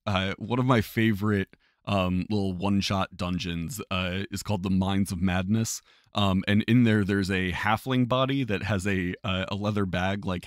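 A fairly low-pitched podcast co-host chats playfully on a live-streamed talk show, rambling through casual conversation and a mock news segment. He uses many fillers and laughs often. The studio-quality recording has no room sound.

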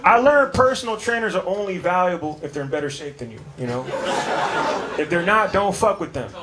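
A man in his thirties doing a brash, profane stand-up set on a comedy club stage, slipping into quick character voices. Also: high voice, lively intonation, a crowd in the background. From Maryland, US. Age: 30s. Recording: live club recording with audience noise. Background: audience laughter.

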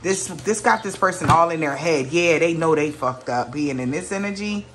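A woman's voice: low-pitched, animated, normal speed, fairly bright tone. A woman giving a casual tarot reading to her viewers, musing aloud, often exclaiming and trailing off mid-sentence. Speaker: tarot reader.

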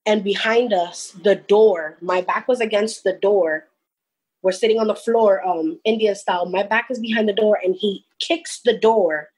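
A woman's voice: medium pitch, moderate pace, darkish tone, breathy edge, rough recording. A young woman recounting a personal experience, rambling and restarting as she tells it. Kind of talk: personal storytelling.

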